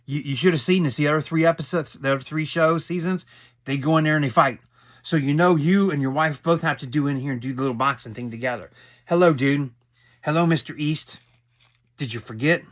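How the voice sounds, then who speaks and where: This middle-aged man recaps a reality show casually, in a rambling, opinionated way, often acting out what the cast said. His voice is fairly high, fast, and a little bright.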